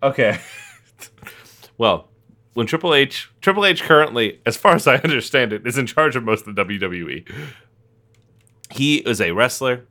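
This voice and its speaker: Podcast co-host, male, crude joking banter, frequent laughter, bright, animated delivery. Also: mid-range voice, moderate pace, long pauses. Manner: profane, laughing, animated storytelling. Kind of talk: casual comedic chat.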